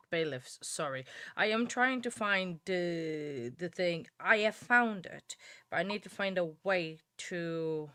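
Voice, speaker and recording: A woman streamer chatting to her viewers in a bright, sharp voice. She thinks aloud, trails off and restarts her sentences, and fills gaps with ums and uhs. The sound is close and dry, with no room around it. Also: fairly low pitch, smooth, no echo. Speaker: livestream host. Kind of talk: casual live-stream commentary.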